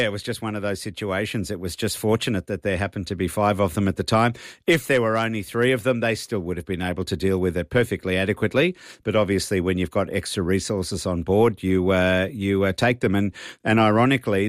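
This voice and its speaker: Man, pilot, calm explaining, low voice, dry close mic. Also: fairly quick, dry recording. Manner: calm, explanatory, plain-spoken. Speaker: airline pilot guest. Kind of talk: radio talkback answers.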